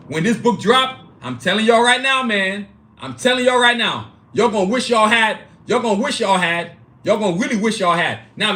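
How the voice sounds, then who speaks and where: A man hosting a live stream, pitching his own comic art and merch in a hyped, casual way, repeating himself and talking straight to viewers. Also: fairly bright tone, roomy sound. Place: indoor studio, clothing hanging behind him.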